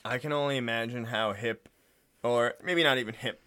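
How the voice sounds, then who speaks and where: A man's voice: mid-range voice, moderate pace, pushed and bright, smooth. A man co-hosting a podcast, reacting in casual chat, rambling with many "like"s and enthusiastic asides. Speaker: podcast co-host.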